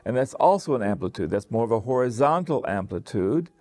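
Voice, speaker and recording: Male voice teacher, mid pitch, relaxed explaining voice with faint music underneath. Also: a little fast. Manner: relaxed, thinking aloud with restarts and sung demonstrations. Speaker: singing teacher. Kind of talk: explaining to camera.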